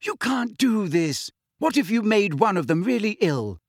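A man voicing an indignant teenage schoolgirl, sharp and scolding, in an audiobook. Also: on the high side, very animated, moderate pace, breathy edge, no room sound, clean studio sound, voice pushed up, exaggerated voice. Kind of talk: audiobook character voice.

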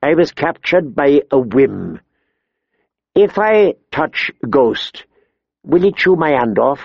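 A man's voice: a little high, very animated, slow pace, creaky, slightly rough, no echo, heavily acted. Tyrion, a man doing a wry dwarf nobleman. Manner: dry, wry wit. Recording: dull lo-fi dry recording.

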